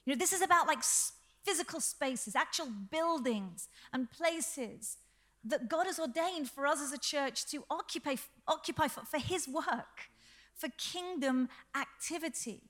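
High-voiced woman preaching. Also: measured pace. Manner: lively, humorous, earnest preaching. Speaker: senior pastor. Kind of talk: sermon.

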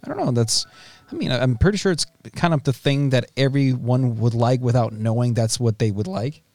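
A man chatting casually as a podcast co-host, playful and loose, full of slang. His pitch sits in the middle. Faint music plays behind him. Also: animated, brisk, darkish tone, dry recording. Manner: joking, laid-back, lots of slang. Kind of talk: casual chat.

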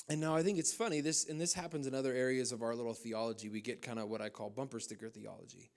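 A man's voice: medium pitch, quick pace, few pauses, darkish tone. A man from the United States, a pastor, preaching a sermon at a church service, telling stories with humor and loose fillers.

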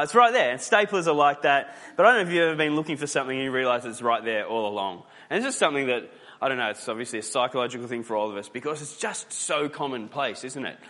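A man's voice: mid-range voice, a bit bright, long reverb tail. A man preaching a sermon as pastor, talking conversationally and telling stories, with many fillers and restarts.

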